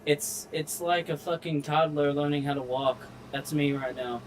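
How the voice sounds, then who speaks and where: A man's voice: fairly high pitch, level tone, a little hiss or hum. A man narrating his own gameplay in casual commentary, frustrated and swearing freely as he talks himself through each step. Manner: frustrated, swears a lot, slow drawl. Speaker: gaming streamer.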